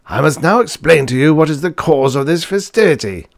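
A man voicing a hearty, testy elderly male professor who blusters and shouts in high spirits. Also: lively intonation, a little fast, creaky, dry recording, clean studio sound. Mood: boisterous.

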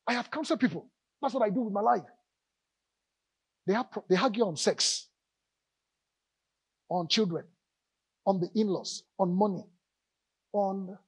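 A male pastor preaching a lively sermon in church, calling out to the congregation and joking between points. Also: high-pitched, husky, no echo. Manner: animated preaching with audience call-outs and jokes.

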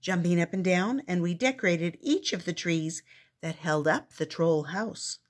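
An older woman reading a picture book aloud, with expressive storybook narration. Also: lowish voice, measured pace.

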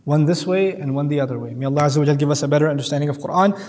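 Animated male Quran teacher in a reverberant hall. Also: fairly high pitch, rapid-fire, slight background noise. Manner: animated, acts out voices and quotes Arabic verses. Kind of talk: lecture-style Quran commentary.

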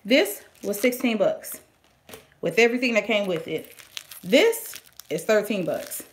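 A woman, chatting casually and excitedly through a product unboxing, with playful slang and sudden whispered asides. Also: medium pitch, unhurried. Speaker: vlogger reviewing products.

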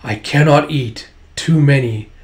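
A man voicing an ancient male monster in a comic reading, speaking slowly and flatly. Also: medium pitch, close to an everyday voice. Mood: weary.

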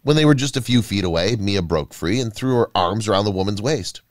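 A man reading a scripted story aloud, with expressive, dramatic delivery. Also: fairly low pitch, a little fast, no echo, clean studio sound. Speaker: narrator. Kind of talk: scripted narration.

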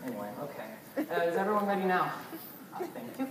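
A woman's voice: medium pitch, sing-song, fast talker. A teenage girl playing a bossy, flustered stage narrator who stammers and puts on a British accent in a school chapel comedy skit. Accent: put-on British. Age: teens. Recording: echoey hall, distant mic, music.

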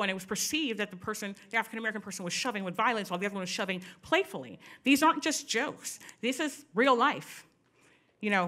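A middle-aged woman gives a personal talk to a live audience, candid and animated, often turning to the listeners with quick asides. Her voice is bright and forward. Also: mid-range voice. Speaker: speaker at a panel event.

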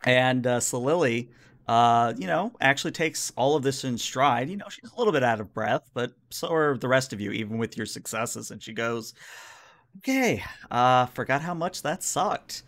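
Relaxed man narrating as game master. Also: medium pitch, normal speed. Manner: relaxed, many filler words.

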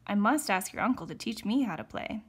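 Figure: wary young runaway boy, read by a woman. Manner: guarded, feigning innocence. Pitch: medium. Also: lively intonation, a little fast, slightly rough.

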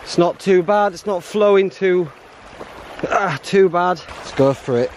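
A man's voice: high-pitched, measured pace, background noise. A man narrating his hike to a handheld camera outdoors on a mountain trail, chatty and self-mocking, laughing often. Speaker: hiking vlogger. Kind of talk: casual vlog narration while hiking.

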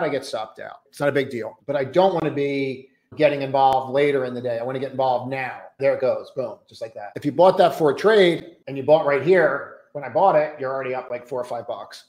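A man giving energetic trading commentary, coaching with emphatic repetition and rhetorical questions. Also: medium pitch. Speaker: trading educator. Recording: roomy echo.

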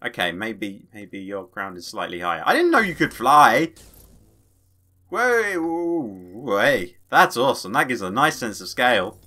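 Excitable man playing games. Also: medium pitch, measured pace. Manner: excitable, playful, makes sound effects. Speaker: gaming channel host. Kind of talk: casual let's play commentary.

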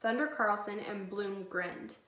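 A woman teacher reading a chapter book aloud to her class in a clear, steady storytelling voice. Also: medium pitch, unhurried. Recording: echoey room.

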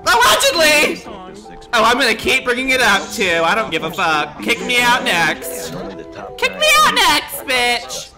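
A man's voice: animated, brisk, few pauses, music in the background. A streamer role-playing a catty, dramatic woman at a wedding in a game, calling everyone darling, profane and theatrical. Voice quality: theatrical, swoops high on exclamations.

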